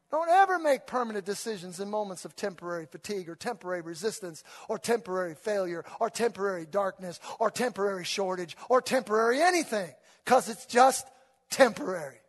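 A man preaching an animated sermon, exhorting and calling his congregation to read along. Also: sits high, fairly quick. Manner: animated, rising to loud exhortation, call-and-response with congregation. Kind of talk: energetic sermon. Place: church sanctuary. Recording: long reverb of a large hall.

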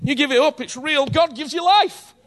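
A man's voice: very high-pitched, normal speed, fairly bright tone. A man preaching a sermon in a conversational, earnest way, often checking in with his listeners and repeating phrases for emphasis.

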